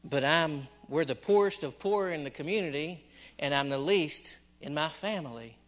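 A man's voice: a little high, lively intonation, moderate pace, fairly bright tone. A male preacher voicing an anxious young biblical man, hesitant and questioning as he pleads. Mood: pleading.

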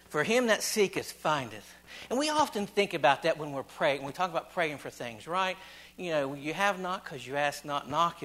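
A man preaching a sermon, repeating phrases and swinging between hushed, quiet lines and loud, building ones. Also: on the high side, poor audio.

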